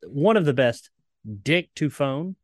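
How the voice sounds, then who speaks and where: A man's voice: fairly high pitch, animated, a little slow, no echo, clean studio sound. A man co-hosting a podcast, reading a long list with playful, mock-dramatic relish and chatting casually. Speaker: co-host.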